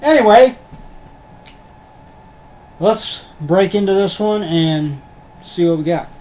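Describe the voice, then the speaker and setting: A man speaks slowly in a high, darkish voice with lively intonation as he unboxes collectibles for his vlog. He's rambling, casual, full of ums and mildly profane, and his computer webcam picks up a slight hiss or hum.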